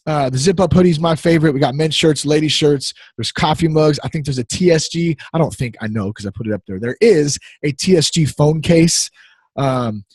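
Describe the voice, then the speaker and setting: A man's voice: on the high side, breathy edge, no room sound. A man in his thirties hosting a podcast, talking casually in a rambling, easily distracted, playful way. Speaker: podcast host.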